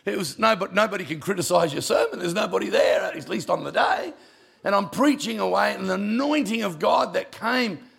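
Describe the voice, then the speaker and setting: A middle-aged man preaching a storytelling sermon, mixing jokes with hushed, emotional passages. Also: sits high, expressive, a little fast. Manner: gravelly voice, humorous, drops quiet for emotional moments. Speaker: pastor.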